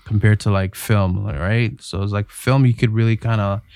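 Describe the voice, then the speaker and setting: Laid-back man, low voice, dry sound. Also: fairly even intonation, moderate pace, darkish tone, no room sound. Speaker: actor guest. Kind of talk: casual interview.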